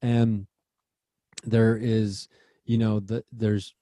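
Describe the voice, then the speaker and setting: A man's voice: lowish voice, level tone, very slow, mellow, no echo, studio quality. A man co-hosting a podcast in casual chat, rambling and searching for words. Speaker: podcast co-host. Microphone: remote call mic.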